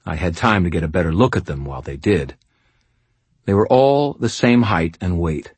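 Male audiobook narrator, very low, husky, wry first-person read, dry studio sound. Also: lively intonation, moderate pace, dry recording.

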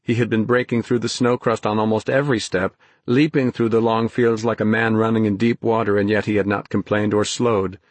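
Male audiobook narrator, husky, low, steady telling, dry booth sound. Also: fairly quick, few pauses, no room sound. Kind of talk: scripted narration.

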